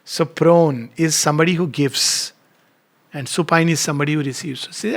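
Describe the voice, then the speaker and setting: High-voiced Indian man reciting verse. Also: moderate pace, creaky. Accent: Indian English. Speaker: spiritual lecturer. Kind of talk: reflective talk reading and explaining poetry.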